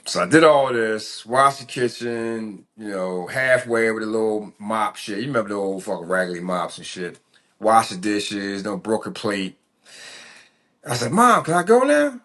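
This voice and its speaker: A man's voice: on the low side, normal speed, fairly bright tone. A man, telling his life story in a casual, rambling, profane way full of fillers. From Philadelphia. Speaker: podcast host.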